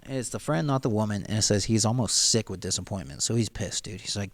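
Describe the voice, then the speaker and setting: Slangy laid-back man, lowish voice. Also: fast, few pauses. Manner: slangy, rambling, lots of "like" and "dude". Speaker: book reader and commentator. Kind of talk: casual book read-through commentary.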